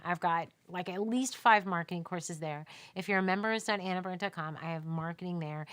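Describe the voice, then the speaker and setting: A woman's voice: medium pitch, fairly bright tone. A woman photographer answering questions in a casual live Q&A, telling stories emphatically and quoting people as she goes. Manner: emphatic, chatty storytelling with laughs and quoted dialogue. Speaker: newborn and baby photographer answering viewer questions.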